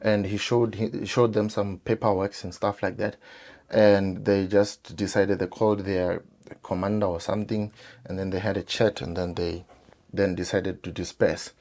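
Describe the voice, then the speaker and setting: A South African man talking casually to viewers, telling a childhood story with lively acted-out quotes and many fillers. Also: low voice, normal speed. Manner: animated, acts out quoted voices, frequent fillers.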